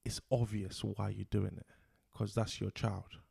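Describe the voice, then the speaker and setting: Gravelly podcast host. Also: male voice, lowish voice, little pitch movement, a little slow, dark tone. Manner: teasing, stammering restarts. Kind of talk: casual interview chat.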